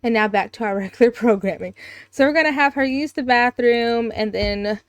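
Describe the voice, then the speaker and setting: A woman's voice: on the high side, moderate pace, smooth, no room sound. A young woman giving casual, chatty commentary over a life-simulation game, with sudden gasps and giggles. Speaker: gaming video creator.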